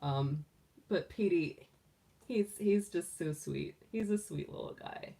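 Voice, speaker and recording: A woman's voice: lowish voice, takes it slowly, gravelly, mellow. A middle-aged woman hosting a tarot livestream from a room at home, chatty and doting, laughing often. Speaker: tarot reader, livestream host. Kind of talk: casual livestream chat. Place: room at home with the door closed. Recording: voice a bit distant from the mic.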